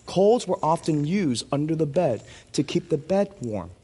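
A man's voice: a little high, big pitch swings, unhurried, mellow, breathy edge, long reverb tail. A man preaching a sermon as pastor in a church, playful and joking with a volunteer on stage.

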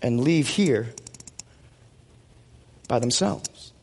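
A man's voice: medium pitch, expressive, drawn-out words, creaky, a little mellow, slightly rough, big-room sound. A man preaching a sermon as pastor in a church, playful and joking with a volunteer on stage.

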